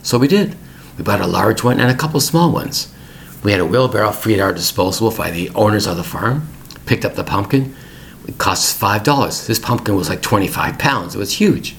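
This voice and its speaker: Middle-aged guy, low voice that jumps all over, plain repetitive storytelling for english learners, faint hum behind. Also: lively intonation, fairly quick, creaky, a bit bright. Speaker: English-learning podcast host. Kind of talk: storytelling podcast monologue.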